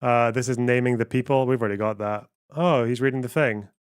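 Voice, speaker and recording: A man's voice: mid-range voice, steady tone, brisk, clean tone, no echo, clean studio sound. A man hosting a live stream, chatting casually and muttering offhand remarks as he reacts to clips. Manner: offhand, chuckling, muttering to himself.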